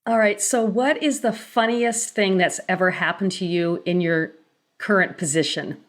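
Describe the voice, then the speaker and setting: A woman's voice: medium pitch, normal speed. Woman podcast co-host, friendly, asking questions casually. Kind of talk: casual interview chat.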